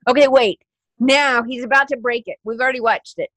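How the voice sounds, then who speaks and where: A woman's voice: a little high, fairly even intonation, fairly quick, fairly bright tone, dry recording. A woman hosting a podcast, tearful and talking in a rambling, heartfelt motivational monologue. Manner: rambling with restarts and filler words. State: teary, crying. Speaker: podcast host.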